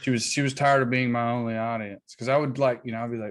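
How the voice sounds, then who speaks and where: A man's voice: mid-range voice, fairly even intonation, fast. A man in his thirties, a guest comedian in a casual podcast chat, teasing and dry as he tells stories.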